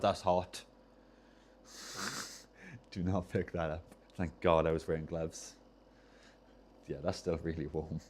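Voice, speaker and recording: There's a faint hiss behind this man's soft, mellow, very low voice. He's a controller-repair streamer chatting casually at his workbench as he solders, rambling, losing track of what he was saying, and starting again.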